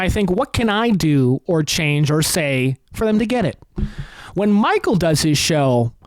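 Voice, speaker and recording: A man's voice: a little high, no room sound. A man hosting a comedy podcast, delivering a sarcastic, profane rant. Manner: ranting, sarcastic, heavily profane.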